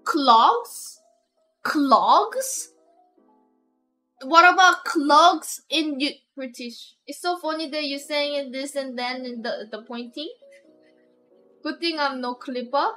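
Woman, high and sharp-toned, giggly rambling stream chat. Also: steady tone, unhurried, soft background music. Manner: rambling, giggly, lots of restarts. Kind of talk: casual live-stream chat.

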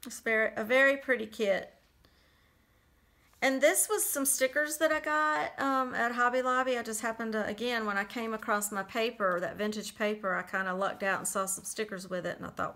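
A woman casually talking through a handmade journal she made, chatty and relaxed with lots of little fillers. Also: on the high side, normal speed. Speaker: crafter showing a handmade journal. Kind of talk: casual flip-through narration.

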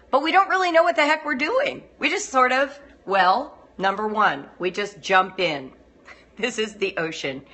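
A woman's voice: mid-range voice, pushed and bright, husky. A middle-aged woman giving a chatty live-streamed talk to home-educating parents, laughing often as she goes.

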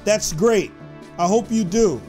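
A man hosting excited gameplay commentary, talking to his viewers and shouting when the action peaks. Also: high-pitched, takes it slowly, soft background music. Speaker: gaming host.

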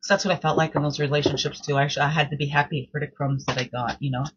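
A woman's voice: low-pitched, steady tone, fast talker, highs cut off, noisy background. A woman hosting her own daily reflection show, reading quotes and chatting casually, often repeating words and asking "right?".

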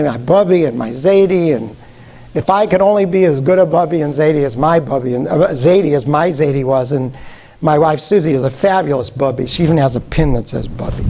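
A man's voice: fairly high pitch, a little mellow. An older man from Nebraska giving a humorous storytelling lecture, joking and quizzing his audience. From Omaha, Nebraska, USA. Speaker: guest speaker.

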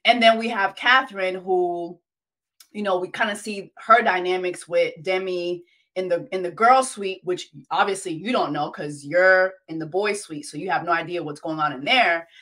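An American woman hosting an interview, chatty and lively with casual slang. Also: lowish voice, normal speed. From United States. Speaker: podcast host.

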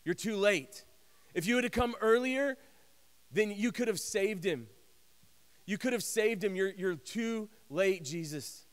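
A man's voice: high voice, measured pace, big-room sound, voice pushed up. A man voicing a grieving woman, pleading. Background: music.

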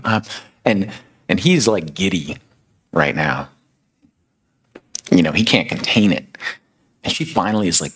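Low husky guy preaching, casual storytelling, lots of "you know"s, bright forceful tone. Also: expressive, measured pace, pauses often. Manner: casual, conversational retelling with many fillers. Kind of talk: sermon storytelling.

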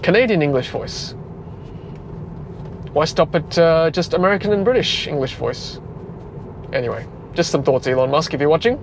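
A man's voice: on the high side, normal speed, pauses often. A man, a car vlogger, chatting casually while he drives, with lots of fillers. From Australia. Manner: chatty, relaxed, frequent fillers. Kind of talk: casual talk while driving. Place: inside a moving car. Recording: road noise inside a car.

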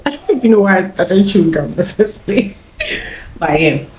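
A woman's voice: medium pitch, sing-song, normal speed, darkish tone, a little hiss or hum. Chatty young woman from Ghana. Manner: chatty, laughing, rambling with many fillers. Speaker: YouTuber. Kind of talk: casual story time. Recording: echoey room with faint ambience.

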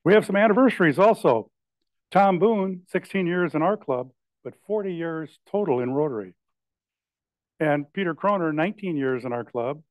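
A man runs through club announcements, loose and chatty, with a joke tossed in here and there. His voice sits a little high, and the sound is close and dry. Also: animated, moderate pace, dry recording. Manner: loose and chatty, with joking asides. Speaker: presiding member making club announcements. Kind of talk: meeting announcements. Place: club meeting room.

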